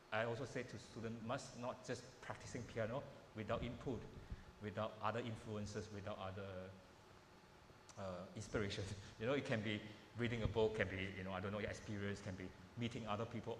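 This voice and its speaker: A Malaysian man with a fairly low voice coaches piano at a workshop masterclass, speaking informally with simple phrasing and repeated words. He's in a large hall with a piano, and the recording carries roomy hall echo, piano playing, and slight background noise.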